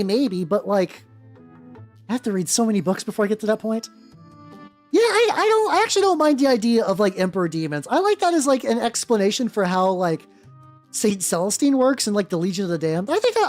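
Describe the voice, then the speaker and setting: A woman with a mid-range, darkish voice hosts a casual livestream as she paints. Her talk rambles, is full of swearing and is riddled with restarts, all over faint background music.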